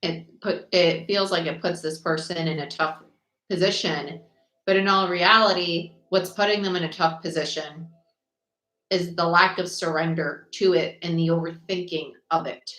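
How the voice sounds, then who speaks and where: A woman giving a live tarot reading in a chatty, quick way, listing the cards aloud as she goes. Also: on the low side, steady tone, a bit bright. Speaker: tarot reader. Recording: echoey room with faint noise.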